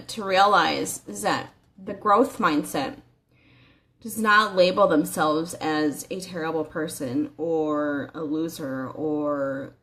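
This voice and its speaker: Earnest conversational woman coaching. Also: on the low side. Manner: earnest and conversational, with frequent restarts and rhetorical questions. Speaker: life coach. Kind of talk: casual motivational training talk.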